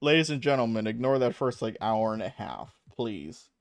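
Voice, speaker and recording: A young adult gamer keeps up loose, self-deprecating stream chatter full of curses and laughter. His voice is medium-pitched, gravelly and animated at a normal speed, recorded dry in studio quality.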